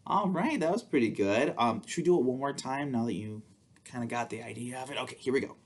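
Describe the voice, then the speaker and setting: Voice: medium pitch, fast talker. A storytime host at a public library who sings songs and reads a picture book to babies, in a playful, coaxing way. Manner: sing-song, playful, coaxing.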